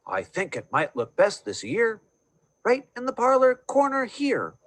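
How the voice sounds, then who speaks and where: A man voicing an excitable wealthy gentleman who exclaims in a shrill voice. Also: unhurried, no echo, studio quality, full character voice. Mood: delighted.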